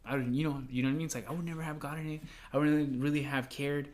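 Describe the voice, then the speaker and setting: A young man co-hosting a podcast, telling work stories in a rambling, profane, animated way. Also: on the high side, very fast. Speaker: podcast co-host. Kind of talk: casual podcast chat.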